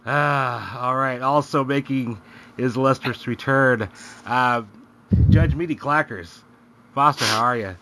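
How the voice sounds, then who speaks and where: A man's voice: medium pitch, unhurried, background noise. A man hosting a casual fantasy sports podcast, upbeat as he welcomes and introduces his guests. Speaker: podcast host.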